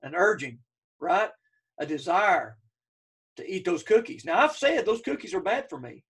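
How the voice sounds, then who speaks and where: A man's voice: high voice, big pitch swings, normal speed, a bit bright, far from the mic. A man teaching a church Bible study lesson, emphatic, repeating key phrases and checking in with his listeners.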